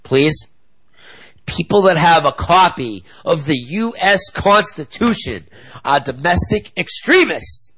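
A man's voice: on the high side, lively intonation, takes it slowly, fairly bright tone, husky, poor audio. A young man ranting angrily to his viewers in a fired-up video blog. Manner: angry, fired-up political rant. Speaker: video blogger. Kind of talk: ranting to camera.

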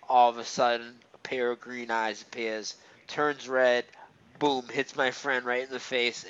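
A man's voice: mid-range voice, a bit bright, smooth. A man telling a personal ghost story in casual chat, rambling, with lots of fillers and restarts. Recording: slightly dull, muffled recording.

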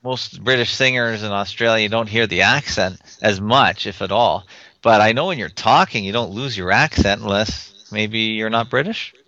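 A man hosting a talk show with a bright, forceful voice. He speaks plainly and with emphasis, on a dry, muffled, lo-fi recording. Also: fairly low pitch, moderate pace, no room sound. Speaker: host. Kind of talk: casual chat.

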